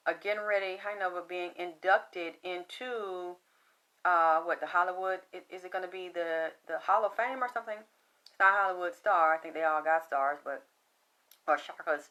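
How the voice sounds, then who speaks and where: A woman from the American South with a flat Southern accent, hosting a casual spiritual reading in a chatty, profane, rambling way. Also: fairly low pitch. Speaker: spiritual medium host.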